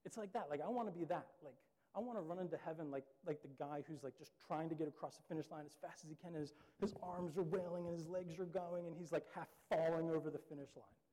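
A man's voice: fairly high pitch, fast talker, hardly any pauses, warm tone. A young man preaching a sermon in a loose, chatty storytelling way, full of filler words. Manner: casual, storytelling with many "like" fillers. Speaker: pastor. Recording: long reverb of a large hall.

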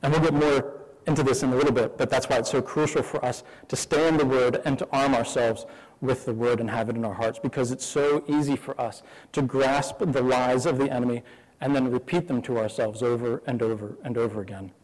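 Male pastor, mid-pitched, candid conversational sermon with rhetorical questions, reverberant hall. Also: steady tone, brisk, darkish tone.

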